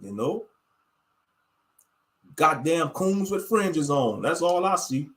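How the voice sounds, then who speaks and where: A man's voice: fairly high pitch, big pitch swings, takes it slowly. A man delivering a blunt, profane ranting monologue as an online show host. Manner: blunt, profane and emphatic, with frequent fillers.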